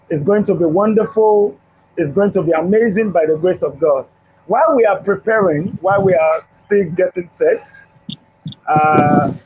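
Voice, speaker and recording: A man's voice: high voice, a little mellow, breathy edge. A male host giving a motivational talk with a Bible story, preacherly and repeating phrases for emphasis, in a studio. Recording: dull lo-fi recording.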